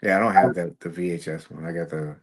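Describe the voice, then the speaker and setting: A man with a very low, deep voice talks as a podcast guest. He is relaxed and easygoing, recalling when he was first starting out in a casual storytelling way. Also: fast. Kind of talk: casual chat.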